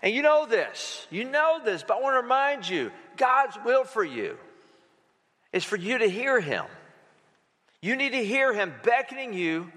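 A man with a high, bright voice preaches to his church in a loose, conversational way. He jokes and calls on the congregation to answer back. His voice rings with a long hall reverb. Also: very animated, measured pace. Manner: conversational, playful preaching with call-and-response. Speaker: pastor. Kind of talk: sermon. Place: church sanctuary.

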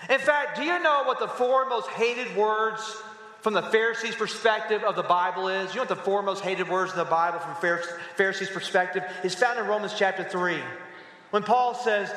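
A man preaching a sermon as pastor, telling stories with animated asides to the congregation. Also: high-pitched, normal speed. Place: church sanctuary. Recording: echoey hall with long reverb.

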